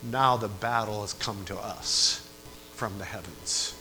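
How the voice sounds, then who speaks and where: A man preaching a sermon in a church, swinging between quiet asides and loud rising climaxes, and putting repeated questions to the congregation. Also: on the low side, slow pace, background noise.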